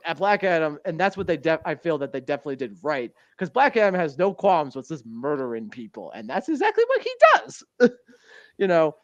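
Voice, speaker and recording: A man co-hosts a casual podcast in a slightly high voice with lively intonation, talking fairly quickly. The recording has no echo and its highs are cut off. He rambles, laughs often, and quotes lines in a put-on voice as he describes scenes.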